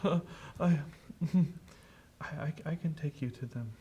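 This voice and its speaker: A man's voice: fairly high pitch, slow pace, dark tone, lo-fi sound, slight background noise, pitched above the performer's own voice. A man voicing a frightened cursed young farm boy who stammers, sobs and pleads. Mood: terrified pleading.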